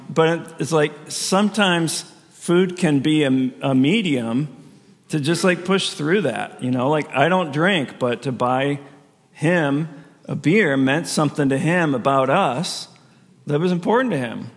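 Gravelly-voiced pastor in echoing hall. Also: male voice, fairly high pitch, measured pace. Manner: conversational storytelling with frequent laughs. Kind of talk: sermon. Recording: long reverb of a large hall.

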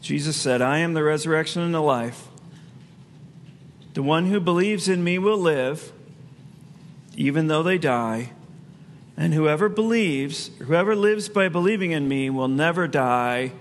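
A man's voice: on the high side, animated, measured pace, long pauses, long reverb tail, a little hiss or hum. A man preaching a sermon as pastor, in a conversational way with asides he laughs at himself.

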